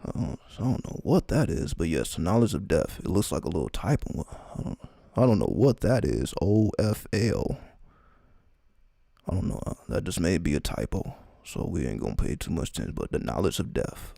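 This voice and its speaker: A man casually reading a text aloud, slowly and with frequent asides, in loose informal talk. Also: low-pitched, very animated, gravelly, mellow, no room sound, studio quality. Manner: reads slowly, stopping often for asides.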